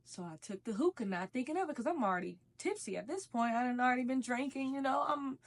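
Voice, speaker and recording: A woman's voice: sits high, quick pace, few pauses. A young woman telling a casual storytime while eating, in a slangy, profane, conversational way. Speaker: vlogger.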